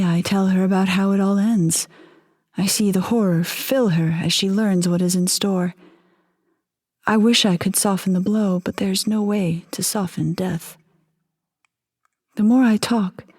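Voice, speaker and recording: Brief: female audio-fiction narrator, breathy, measured, unhurried. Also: medium pitch. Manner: quiet, measured, intimate. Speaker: story narrator. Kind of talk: first-person fiction narration.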